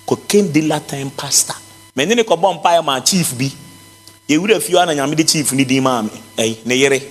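A male pastor with a Ghanaian accent, preaching a sermon with impassioned shouts and sing-song phrasing. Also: medium pitch, breathy edge. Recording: reverberant hall with faint music.

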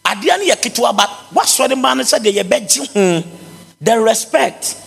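A male pastor with a Ghanaian accent, preaching a sermon with impassioned shouts and sing-song phrasing. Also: extremely high pitch, normal speed, vocal fry, slightly rough. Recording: reverberant hall with faint music.

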